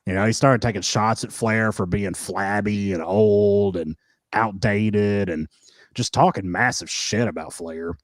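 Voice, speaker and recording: A man's voice: on the low side, measured pace, no echo. A man co-hosting a casual wrestling review podcast, laughing often and telling stories with energy. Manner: laughs often, animated storytelling. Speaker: podcast co-host.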